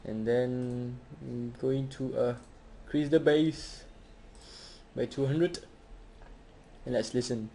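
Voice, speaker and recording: Slow, hesitant man explaining a tutorial. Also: medium pitch, steady tone, creaky, background noise. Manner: hesitant, full of fillers and restarts. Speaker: tutorial host. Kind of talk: casual home tutorial.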